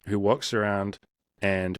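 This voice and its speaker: Male coach, lowish voice, dry close mic; frank, profane, plays out inner voices. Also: steady tone, slow, no echo. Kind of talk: casual interview talk.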